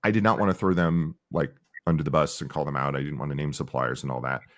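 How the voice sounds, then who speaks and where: A man's voice: very deep voice, fast talker. A middle-aged man, a company founder, talking casually in an interview and acting out the people he quotes. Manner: animated storyteller, acts out quoted people.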